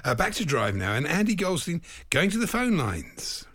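A man's voice: on the high side, big pitch swings, normal speed, a bit bright, slight background noise. A man from England co-presenting a radio show, easygoing and laughing along. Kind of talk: radio banter.

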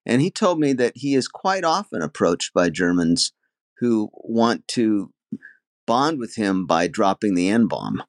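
Lively-voiced male comedian, dry close sound. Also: fairly low pitch, measured pace, no room sound. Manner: musing and questioning, hedges with "I don't know" and "I think". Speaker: podcast co-host, comedian. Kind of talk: casual conversational chat. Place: living in Germany.

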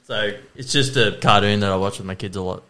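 A man co-hosting a podcast, easygoing and quick to joke. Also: lowish voice, bright, forceful tone. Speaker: podcast co-host. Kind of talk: casual podcast banter.

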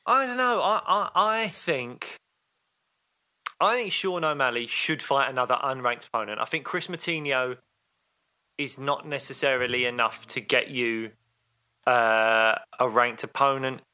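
A man's voice: mid-range voice, unhurried, pushed and bright. A man co-hosting a sports podcast in casual chat, rambling with fillers and restarts. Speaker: podcast co-host.

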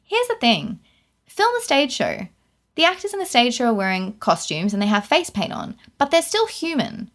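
A woman's voice: fairly high pitch, moderate pace. A woman co-hosting a podcast, ranting in a casual, incredulous way about a film. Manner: animated, incredulous, ranting with laughs. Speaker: podcast co-host. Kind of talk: casual film review chat.

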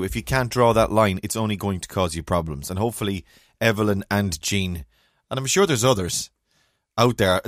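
Rambling deadpan Irish man. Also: lowish voice, no room sound, studio quality. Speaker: podcast co-host. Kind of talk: casual chat.

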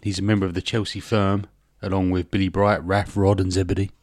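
A man's voice: sits low, level tone, a little fast, no echo, clean studio sound. A man, a podcast co-host, recapping a film in a rambling, jokey way and swearing in casual comedic chat.

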